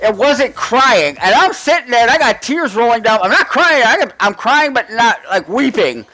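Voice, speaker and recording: Rambling high-voiced man chatting. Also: very animated, normal speed, pushed and bright, low-quality recording. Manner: rambling, restarts often, swears casually. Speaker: podcast co-host. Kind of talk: casual chat.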